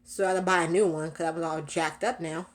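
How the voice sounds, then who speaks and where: A woman's voice: fairly low pitch, fairly even intonation, fast talker. A young woman vlogging from her car, chatting casually, a little out of breath, with lots of fillers and laughs. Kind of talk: casual storytelling vlog.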